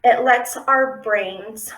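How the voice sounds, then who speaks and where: A woman's voice: fairly high pitch, extremely slow, fairly bright tone. Woman, casual instructional talk, chatty with frequent check-ins, roomy echoey sound. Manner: chatty, checks in often with tag questions. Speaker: affirmation practice teacher.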